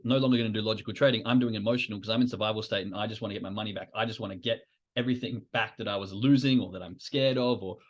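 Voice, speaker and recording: A man's voice: fairly low pitch, muffled recording, close to an everyday voice. A man doing a panicking amygdala voice. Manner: alarmed, urgent. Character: panicking amygdala, frantic male inner brain voice.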